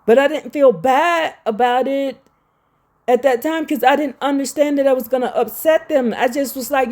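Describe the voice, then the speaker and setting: A woman's voice: high voice, normal speed, darkish tone. Emphatic woman addressing viewers. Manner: emphatic, rambling, confrontational toward viewers. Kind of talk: direct-to-camera religious monologue.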